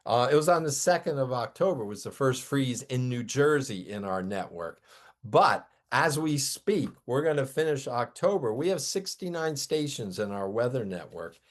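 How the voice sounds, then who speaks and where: Man, guest weather expert, mid-pitched, measured and data-driven. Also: animated. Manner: measured, informative, cites figures. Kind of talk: conversational explanation.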